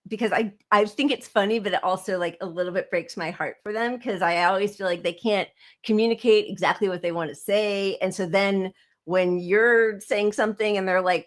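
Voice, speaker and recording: A woman in her forties co-hosting a podcast, chatting casually with frequent laughs and fillers. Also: mid-range voice. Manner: chatty and giggly, with many fillers. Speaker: podcast co-host.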